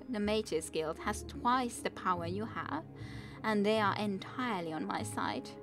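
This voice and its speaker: A woman's voice: medium pitch, lightly acted. A woman voicing a cold, ambitious queen mother in a fantasy storybook reading, speaking in a haughty, cutting way.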